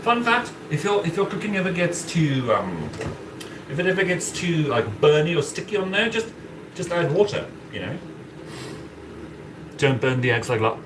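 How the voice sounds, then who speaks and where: A man's voice: on the high side, big pitch swings, normal speed, pauses often. A man doing a campy demon owl prince. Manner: campy, theatrical, giggly, calls chat darling. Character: flamboyant aristocratic male owl demon prince. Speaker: cosplay streamer. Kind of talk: in-character cooking livestream. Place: apartment kitchen. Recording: echoey kitchen with background noise.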